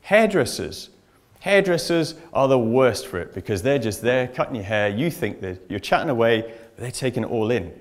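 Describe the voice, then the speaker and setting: A man speaking at a conference in front of a live audience. His delivery is chatty and anecdotal, and he speaks straight to the room. His voice sits at an ordinary middle pitch. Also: very animated, normal speed. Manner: chatty anecdotal storytelling, addresses audience directly. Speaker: information security speaker. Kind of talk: conference presentation.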